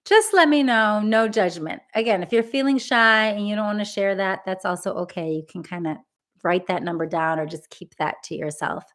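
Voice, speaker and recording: This woman runs a live EFT tapping session at a fairly quick pace, her medium-pitched voice fairly even in intonation. Gentle and encouraging, she repeats affirmations for the audience to say along.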